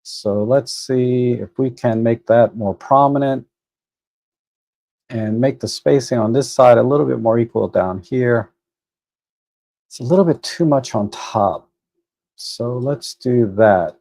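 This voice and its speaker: Man, livestream host, casual, thinking aloud, mellow voice, dry close sound. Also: medium pitch, slow, gravelly, pauses often, no echo. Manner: relaxed, thinks aloud with fillers and restarts. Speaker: photo editing livestream host. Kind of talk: casual live stream commentary. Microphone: desk microphone.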